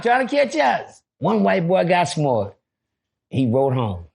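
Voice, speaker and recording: A man telling a story on a podcast in a casual, animated way, acting out voices and throwing in profane asides. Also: high-pitched, slow, gravelly, husky.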